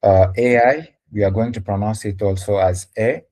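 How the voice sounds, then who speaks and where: A man's voice: fairly low pitch, steady tone, moderate pace, warm tone. A man whose first language is French, patiently teaching French letters and sounds in English during a live lesson.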